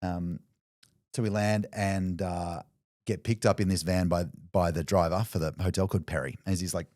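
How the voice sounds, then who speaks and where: A man's voice: deep voice, normal speed, no echo, clean studio sound. Chatty man telling a story. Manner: animated, loose with many fillers and restarts. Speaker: business coach guest. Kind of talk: casual storytelling in conversation.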